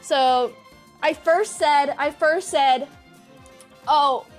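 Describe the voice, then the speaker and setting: A woman's voice: high-pitched, measured pace, a bit bright, faint music behind. A young woman in her twenties, a streamer, telling a story to her chat in a rambling way, often repeating herself.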